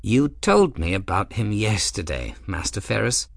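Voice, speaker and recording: A dignified lord, voiced by a male narrator, speaking in a low-key, patient way, each word measured. His tone rises and falls expressively over a dry, close reading. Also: sing-song, gravelly, husky, no echo, full character voice. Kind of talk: audiobook character voice.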